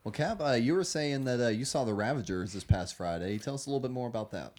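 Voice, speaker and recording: A man's voice: medium pitch, expressive, fast, a little mellow. A young man hosting a casual podcast chat, laid-back, laughing often and swearing casually. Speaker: podcast host.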